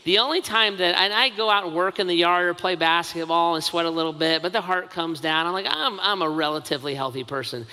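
A man with a high, sharply bright voice preaches a sermon in a big hall with a long reverb tail. He talks in a conversational, self-mocking way and keeps adding asides. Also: steady tone, fairly quick, hardly any pauses, clean tone. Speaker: pastor.

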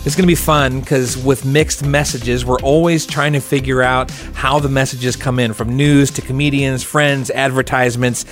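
A man's voice: mid-range voice, fairly even intonation, moderate pace, few pauses, soft background music. A man hosting a faith podcast in casual, upbeat, joking chat. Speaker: podcast host.

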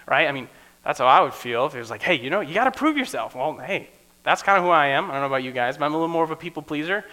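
Bright-voiced young preacher, casual and chatty. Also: male voice, fairly high pitch, lively intonation, rapid-fire. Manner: conversational, often adds "right?", acts out quotes in voices. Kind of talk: casual teaching sermon.

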